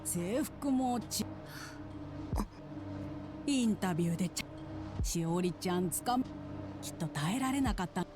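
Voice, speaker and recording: An actress voicing a bitter woman in a game scene, speaking in halting, broken-off accusations. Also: on the low side, expressive, natural voice. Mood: accusing. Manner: halting, cut-off accusatory lines. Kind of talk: Japanese game voice acting. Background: game music.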